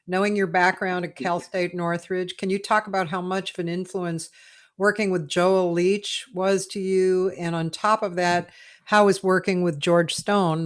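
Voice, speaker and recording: Low-voiced woman hosting an interview. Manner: reads listener questions, brief agreeing responses. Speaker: host. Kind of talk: casual interview. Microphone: video call.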